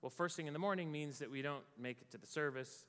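Before a live audience, an American man tells a story about his own travels, acting out his panic in a raised voice. He speaks fast in a high-ish, somewhat bright, clean voice, and the long reverb of a large hall surrounds him.

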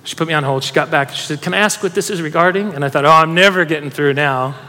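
A man with a high voice preaches in a large church hall, and a long reverb trails after his words. He tells stories with energy and urges the congregation to join in. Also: quick pace. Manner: animated storytelling preacher, urging the congregation. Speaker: pastor. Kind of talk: sermon.

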